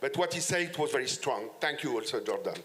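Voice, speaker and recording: A man speaking English as a second language with a strong French accent, giving an impassioned, halting speech on a conference panel. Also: medium pitch, expressive, fairly bright tone.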